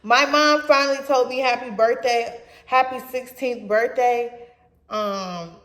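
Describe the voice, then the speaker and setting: A young woman casually telling a story from her teens in a blunt, profane, animated way. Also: on the high side, unhurried. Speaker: vlogger. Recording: roomy echo.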